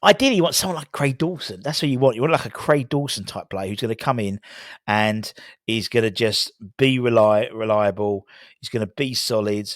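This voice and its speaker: A man's voice: mid-range voice, brisk, no echo, clean studio sound. Rambling man on transfer news. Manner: rambling, many fillers and restarts. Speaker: football fan channel host. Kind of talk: casual transfer-news commentary.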